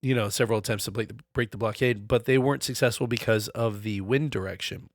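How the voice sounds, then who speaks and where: A man's voice: lowish voice, fast, no room sound, clean studio sound. A man co-hosting a casual comedy history podcast, telling the story in a loose, profane, laughing way.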